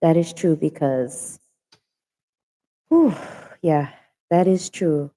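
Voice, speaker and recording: A woman from Hawaii with a Pidgin-tinged accent talks casually to her livestream viewers, going over her points again and again. Her voice sits low and sounds deeply mellow. A long reverb trails behind her words. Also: slow. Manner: chatty, repeats herself for emphasis. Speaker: livestream host. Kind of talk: casual chat.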